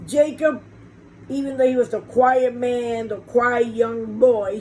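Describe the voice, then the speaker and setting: Slow-preaching woman pastor. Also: fairly high pitch, steady tone, warm tone, a little hiss or hum, rough recording. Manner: conversational preaching with rhetorical questions. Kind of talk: informal sermon. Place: small warm room with a fan.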